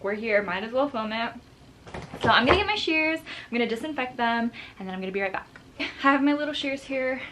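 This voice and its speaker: A young woman vlogging casually to her viewers, excitable and nervous as she talks through her plants. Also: a little high, noisy background. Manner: excitable and nervous, gasping and laughing often. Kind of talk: casual vlog chat.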